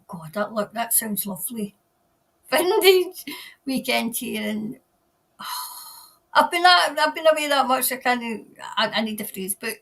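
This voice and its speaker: A woman's voice: sits high, fairly bright tone. Chatty Scottish woman greeting livestream viewers. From Scotland. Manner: chatty, reads comments aloud, greets viewers by name. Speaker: tarot livestream host reading viewer comments. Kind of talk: casual livestream chat. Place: New Zealand.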